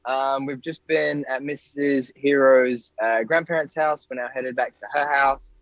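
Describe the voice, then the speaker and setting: A man's voice: mid-range voice, steady tone, measured pace, a bit bright, dry recording. Laid-back American man calling from a car. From Delaware, USA. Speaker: co-host. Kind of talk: casual chat. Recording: dull lo-fi call audio.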